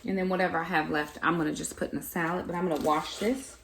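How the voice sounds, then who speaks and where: A woman's voice: lowish voice, fairly even intonation, fast, a bit bright, slight background noise. A woman, a mother, filming a casual grocery haul vlog in her home kitchen on a camera mic, chatting straight to her viewers and saying y'all. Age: adult, mother of four. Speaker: family vlogger.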